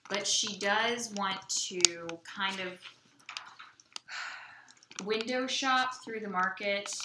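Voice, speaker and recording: A woman's voice: mid-range voice, extremely slow. A woman playing her character in a tabletop game, polite and a little guarded. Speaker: player. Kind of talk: in-character role-play. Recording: echoey room with loud hiss.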